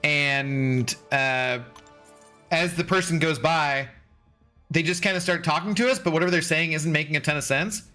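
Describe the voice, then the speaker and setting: Faint music plays behind a livestream host, a man in his forties from Washington State, USA, who reads chat and talks casually with viewers. Loose, profane and quick to laugh, he speaks at normal speed in a slightly high, sharp-toned voice.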